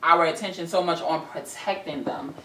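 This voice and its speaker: A woman's voice: low-pitched, moderate pace, sharp tone. A young adult woman co-hosting a talk show, talking frankly and profanely about hard personal experience in casual chat. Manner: blunt, profane, outspoken. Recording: roomy echo, mic far off.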